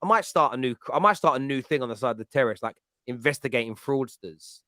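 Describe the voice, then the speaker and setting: A man's voice: medium pitch, lively intonation, fast talker, bright, forceful tone, no echo, studio quality. A man, hosting a casual football chat and telling rambling, jokey stories. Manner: chatty, rambling, jokey storytelling. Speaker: podcast host.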